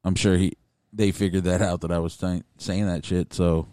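Deep, mellow-voiced man, casual rambling. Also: flat delivery, normal speed, clean tone, dry recording, clean studio sound. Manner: rambling, swears freely, many restarts. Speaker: podcast co-host. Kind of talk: casual chat.

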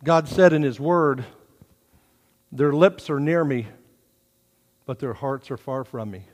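A man preaching a folksy sermon to his congregation, swinging from hushed asides to loud, lively exhortation. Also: mid-range voice, slow, long reverb tail. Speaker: pastor. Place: church sanctuary.

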